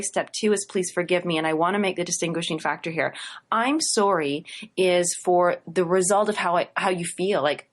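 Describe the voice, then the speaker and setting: A woman co-hosting a talk radio show, earnest and effusive, laughing often and slowing down to recite prayer phrases. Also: medium pitch. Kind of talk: casual talk-radio teaching.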